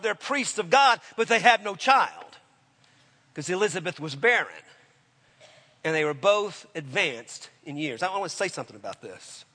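A man preaching a sermon with passion, swinging between loud declarations and hushed, intense moments. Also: high-pitched, big-room sound.

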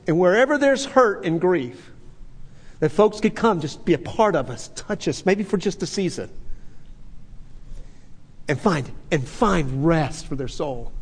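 A man's voice: a little high, animated, moderate pace, long pauses, husky. A man preaching a sermon as pastor, talking conversationally with sudden emphatic bursts, recorded in a church sanctuary. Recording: long reverb of a large hall.

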